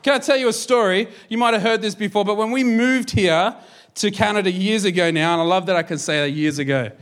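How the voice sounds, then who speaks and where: A man in his thirties, a pastor, preaching a sermon in an energetic, jokey, conversational way. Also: sits high, fairly quick.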